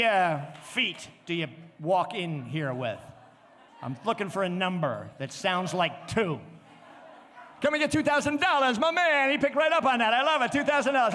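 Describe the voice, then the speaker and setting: A man running a charity auction at a gala, calling bids rapidly and cracking jokes at the crowd. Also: extremely high pitch. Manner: rapid, joking, calls bids out loud. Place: gala event venue, indoors. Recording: reverberant event space, faint background noise.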